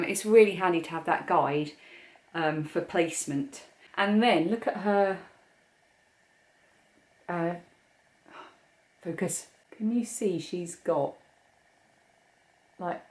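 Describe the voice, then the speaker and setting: Chatty English woman in an echoey room. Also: lowish voice. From England. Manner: chatty, gushing over handmade toys. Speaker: podcast host. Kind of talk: casual craft podcast chat.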